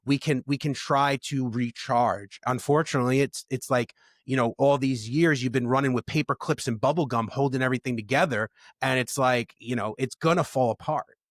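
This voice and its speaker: A man's voice: medium pitch, brisk, dry recording, clean studio sound. A man on a podcast, telling candid stories in a casual, profane way. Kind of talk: casual chat.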